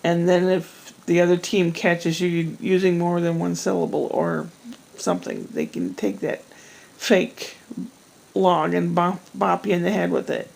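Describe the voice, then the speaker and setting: A woman's voice: lowish voice, measured pace, vocal fry, a little mellow, poor audio. A middle-aged woman chatting casually at home at night in a rambling, self-deprecating vlog. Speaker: vlogger. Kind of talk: casual chat.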